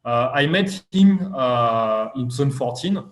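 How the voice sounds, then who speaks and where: A man's voice: mid-range voice, animated, unhurried, reverberant. A man speaking as a guest investor in a live online interview, talking hesitantly with many fillers.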